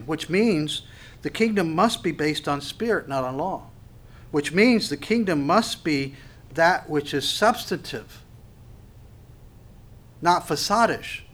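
A man delivers a sermon in a high, ringing voice. He preaches with passion, dropping into short acted-out exchanges between God and his listeners. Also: fairly bright tone. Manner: impassioned, acts out dialogue with God.

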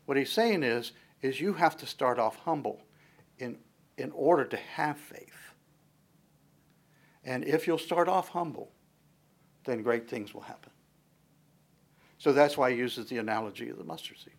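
A man giving a conversational sermon as a pastor, switching between explanation and playful dramatized asides, often restarting his sentences. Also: medium pitch. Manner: frequent fillers and restarts, animated swings in loudness.

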